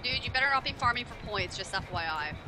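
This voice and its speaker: Woman game streamer, lively pitch, cussy and irritable, chatty commentary over loud game music. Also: quick pace. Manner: irritable, swears a lot, talks to herself and to chat. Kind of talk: casual live-stream commentary.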